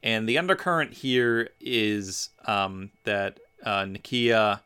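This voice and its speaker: A man co-hosting a podcast in a casual fan discussion, animated and prone to mocking asides. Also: lowish voice, takes it slowly, clear, resonant tone. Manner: animated, acts out quotes in mocking voices. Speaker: podcast co-host.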